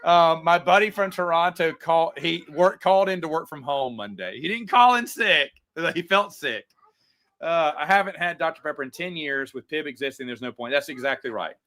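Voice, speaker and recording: A man's voice: a little high, lively intonation, a little fast, sharp tone. A man hosting a casual livestream, answering viewer chats in a rambling way with frequent stammers and restarts.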